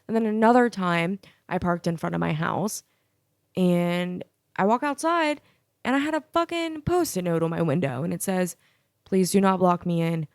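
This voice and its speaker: A woman's voice: fairly low pitch, lively intonation, normal speed, no room sound, studio quality. A young woman hosting a solo podcast, telling a profane, sassy story. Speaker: podcast host.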